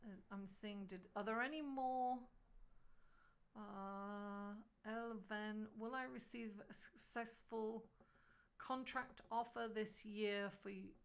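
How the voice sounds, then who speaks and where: A middle-aged woman doing a live tarot reading. She talks in an animated, chatty way and speaks directly to her viewers. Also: mid-range voice, takes it slowly. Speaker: astrologer and tarot reader.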